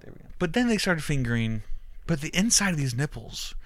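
A man's voice: on the high side, very animated, fairly quick, no echo, studio quality. A young adult man hosting a podcast, telling a crude comic story in a rambling, profane way and often breaking into laughs.

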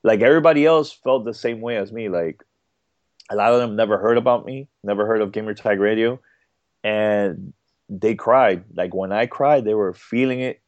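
Halting, low-voiced man telling a story. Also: a little mellow, no room sound. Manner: halting, repeats words, many fillers. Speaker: podcast guest. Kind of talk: casual interview chat. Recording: dull dry podcast audio.

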